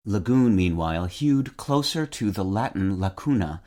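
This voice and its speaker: A middle-aged man hosting a word-of-the-day podcast, reading a measured, precise script and spelling words letter by letter. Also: on the low side, lively intonation, darkish tone.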